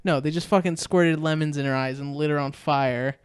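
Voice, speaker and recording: A man co-hosting a podcast, casually retelling a movie plot in a rambling, animated way with fillers and quoted voices. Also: a little high, fairly quick, smooth, no echo, clean studio sound. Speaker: podcast co-host. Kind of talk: casual movie recap chat.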